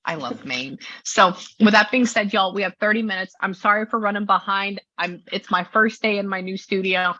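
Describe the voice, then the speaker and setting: A woman's voice: mid-range voice, moderate pace, bright, forceful tone, lo-fi sound. A woman with a Southern US accent, a psychic medium chatting through a video session in a rambling way, full of filler words. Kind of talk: casual chat on a video session. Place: her new studio. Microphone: video call.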